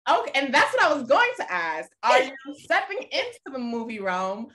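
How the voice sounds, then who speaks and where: A woman interviewer with a fairly high, lively voice that moves around a lot. She keeps an enthusiastic, affirming tone as she hosts. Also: normal speed. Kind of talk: casual interview chat.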